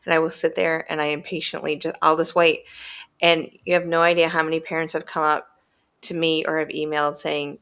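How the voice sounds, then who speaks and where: A woman's voice: sits low, fairly even intonation, fairly quick, gravelly, fairly bright tone. A woman who works as a teacher, chatting casually and telling stories in a patient, earnest way. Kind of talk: casual chat.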